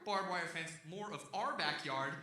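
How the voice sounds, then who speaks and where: A young man from Texas telling a long stand-up story on stage, jumping into loud shouted voices for the people in it. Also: a little high, a little slow. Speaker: stand-up comedian. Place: comedy stage before a live audience. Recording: echoey venue heard from a distance.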